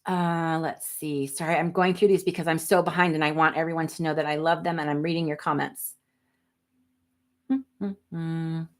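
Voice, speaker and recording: A woman in her fifties hosting a casual livestream, reading viewer comments aloud in a chatty, apologetic way with quick asides. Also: sits low, flat delivery. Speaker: livestream host.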